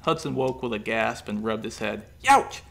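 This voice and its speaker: A man reading a comic horror story aloud in a brisk, deadpan way. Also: fairly low pitch, vocal fry.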